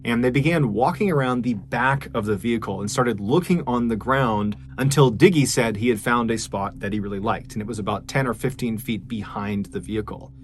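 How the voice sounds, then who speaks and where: A man's voice: medium pitch, brisk, hardly any pauses, slight background noise. A man hosting a podcast, telling a true crime story in a conversational, earnest way. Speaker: podcast host.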